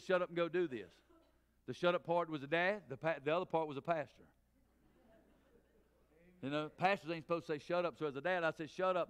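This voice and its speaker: A middle-aged man, a pastor preaching a sermon in church, swinging between loud emphatic preaching and quick low asides. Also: smooth. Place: church sanctuary.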